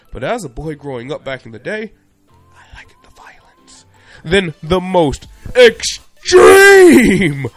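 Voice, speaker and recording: A young man narrating a casual video commentary in a playful, conversational way with jokey asides. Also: medium pitch.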